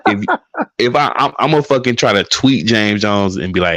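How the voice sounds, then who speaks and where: Profane, animated man talking football. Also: lowish voice, normal speed, no room sound. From Milwaukee, Wisconsin. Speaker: podcast host. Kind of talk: casual sports chat.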